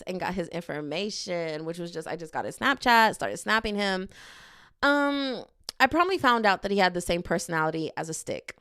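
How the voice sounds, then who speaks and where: A woman's voice: lowish voice, no echo, clean studio sound. A young woman, hosting her podcast and telling a laughing, dramatic story about dating in a casual rant. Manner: animated, laughing, dramatic quoted asides. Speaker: podcast host.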